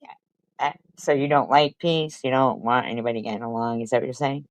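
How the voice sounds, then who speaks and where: A woman's voice: a bass voice, fairly quick, no echo, rough recording. A woman live streamer arguing in a profane, confrontational and mocking way. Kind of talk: heated live-stream commentary.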